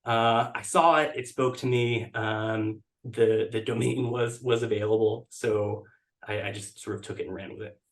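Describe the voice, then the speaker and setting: A man's voice: lowish voice, fairly even intonation, normal speed. A man speaking as a guest over a video call, talking casually with many fillers and restarts. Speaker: podcast guest, blog editor. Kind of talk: casual interview talk.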